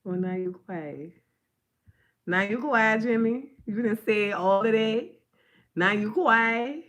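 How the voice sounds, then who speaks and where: A livestream host from the New Orleans area of Louisiana rambles through a monologue in her New Orleans accent. Her voice is a little high and slow, and she's animated, swearing and swinging from loud to hushed.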